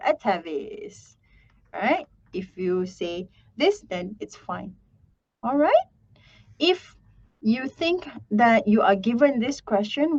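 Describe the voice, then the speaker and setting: A woman teaching an online speaking class, repeating "okay" and modelling sample answers slowly. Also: medium pitch, darkish tone. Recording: dull lo-fi stream audio.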